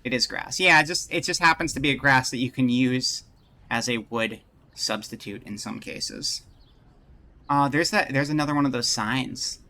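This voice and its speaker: A man live-streaming at a desk mic, rambling and joking as he thinks aloud. His voice is bright and forward, at an ordinary middle pitch. He keeps breaking off to welcome viewers by name. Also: moderate pace. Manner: greets viewers in chat. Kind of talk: casual live-stream chat.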